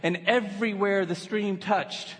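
A man preaching a sermon as an animated storyteller, building from hushed narration to shouts, in a church hall. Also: sits high, measured pace, husky. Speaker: pastor. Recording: echoey hall.

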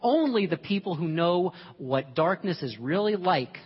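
Husky man preaching in a reverberant hall. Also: sits high, very animated, measured pace, hardly any pauses. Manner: storytelling, acting out voices in a parable. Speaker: minister. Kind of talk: sermon. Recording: lo-fi recording with long hall reverb.

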